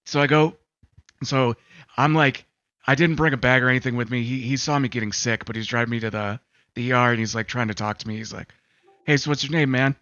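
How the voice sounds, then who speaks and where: With a steady, mid-range voice that's a bit bright and a little fast, this man co-hosts a gaming talk show podcast. His casual storytelling rambles, packed with fillers and acted quotes. The recording is dry and slightly dull, with faint music.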